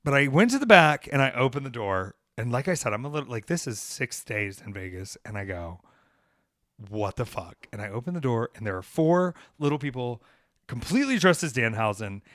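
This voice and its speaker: Animated man telling a story, dry sound. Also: medium pitch, fairly quick, no room sound. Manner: animated, acts out quoted voices. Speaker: podcast host, pro wrestler. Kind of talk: casual storytelling chat.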